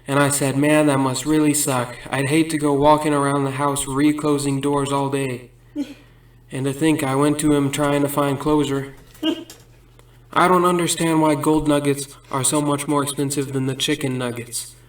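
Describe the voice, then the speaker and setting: A man with a fairly high voice rattles off corny stand-up jokes as rambling little stories, breaking into laughter at his own punchlines. He sounds far from the mic, in a roomy, echoey space. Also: level tone, moderate pace. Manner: rambling absurd storytelling. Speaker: comedian. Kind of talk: stand-up joke telling.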